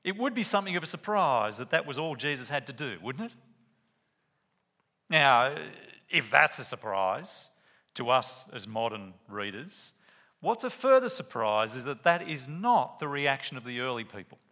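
A man's voice: medium pitch, moderate pace. A man preaching a sermon, walking through a Bible passage and acting out quotes as he tells a story. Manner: animated storytelling with acted-out quotes.

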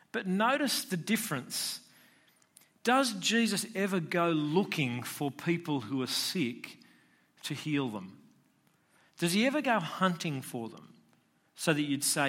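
A man's voice: a little high, big pitch swings, measured pace, a bit bright. Man preaching a conversational sermon. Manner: conversational preaching with rhetorical questions. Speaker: pastor.

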